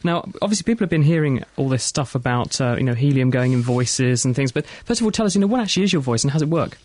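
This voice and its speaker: A man's voice: mid-range voice, expressive, very fast, a little mellow, dry recording. A man with a British accent hosting a science radio show in a studio, chatty and joking. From Britain. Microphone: studio mic.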